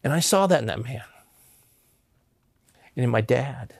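A man's voice: mid-range voice, animated, measured pace, a little mellow, breathy edge, no room sound. A man in his fifties from Southern California, telling a personal story as a guest with earnest emphasis and frequent stammered restarts.

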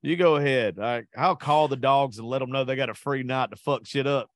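A podcast co-host speaks a little fast in a medium-pitched voice with no room sound. In crude, casual chat he tells boastful, profane stories, quoting people in an animated way.

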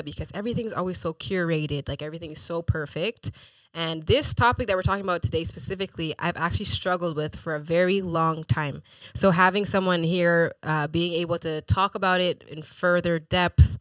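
A man hosting a casual podcast, talking in a relaxed, rambling way with frequent fillers. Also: a little high, dry recording, poor audio. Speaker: podcast host. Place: parked car.

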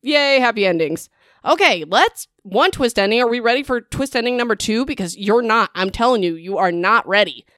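A woman's voice: fairly high pitch, lively intonation, moderate pace, a bit bright, no room sound, clean studio sound. A woman giving a casual chapter-by-chapter book recap, sarcastic and chatty, full of "like" and "whatever," with teasing dramatic asides to her viewers. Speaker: book reviewer.

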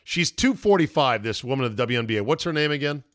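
A man's voice: medium pitch, very fast, clear, resonant tone, no room sound, clean studio sound. A man hosting a podcast, chatting casually and joking around with his co-host. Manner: joking, animated banter with laughs. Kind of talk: casual chat.

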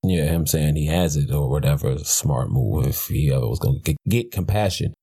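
A man's voice: a bass voice, animated, fairly quick, mellow, slightly rough. A man hosting a podcast, talking in a blunt, profane, rambling way with frequent restarts. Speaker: podcast host. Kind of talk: casual rambling commentary.

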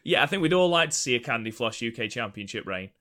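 A man talks through a wrestling show in casual podcast chat. He is jokey and loose and swears now and then. His voice is bright and forward, at a middling pitch. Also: expressive, fast. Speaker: podcast co-host.

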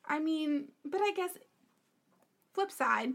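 A woman's voice: high-pitched, lively intonation, takes it slowly, vocal fry, a bit bright. A young woman co-hosting a podcast in casual, opinionated chat, sometimes dropping to a whisper. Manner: chatty, opinionated, often drops to a whisper. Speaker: podcast co-host.

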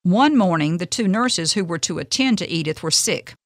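A woman hosting a radio devotional, reading a faith story in an earnest, gentle, measured way. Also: fairly low pitch, animated, no room sound, studio quality.

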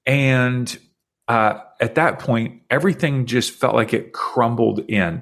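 A man in his forties, a podcast guest, earnestly and reflectively recounting a deeply personal experience in conversation. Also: takes it slowly, gravelly, fairly bright tone.

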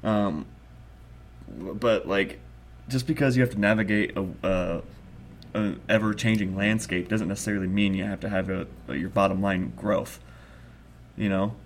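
A young man in a casual conversation, rambling with halting restarts. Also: lowish voice, a little hiss or hum.

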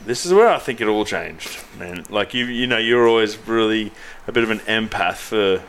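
A man's voice: on the low side, lively intonation, normal speed, a bit bright, a little hiss or hum. Swearing blokey man telling stories. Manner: swears freely, tells mocking stories. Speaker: podcast co-host. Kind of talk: casual banter.

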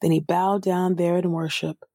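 A woman reads scripture aloud, then leads a fervent, spontaneous prayer, often repeating "oh God" and restarting her phrases. Her creaky voice sits on the low side, with flat delivery at normal speed.

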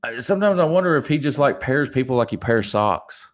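A man's voice: mid-range voice, animated, a little fast. A young adult man hosting a solo podcast, ranting animatedly and mocking people in put-on voices. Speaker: podcast host.

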